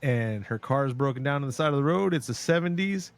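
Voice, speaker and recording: A man in mid pitch chatting through a movie on a podcast, dry close sound with no room around him. He tells scenes with animated flair and acts out the lines. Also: fast talker, no echo. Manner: animated storyteller, acts out quotes. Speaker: podcast co-host. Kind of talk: casual film discussion.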